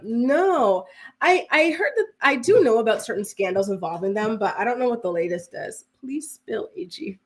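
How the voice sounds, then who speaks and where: A woman's voice: fairly high pitch, animated, normal speed. A woman hosting a live celebrity gossip show, chatting casually with many "like"s and reading out viewer comments. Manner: chatty, heavy use of "like", reads out viewer comments. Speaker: host of a celebrity news show.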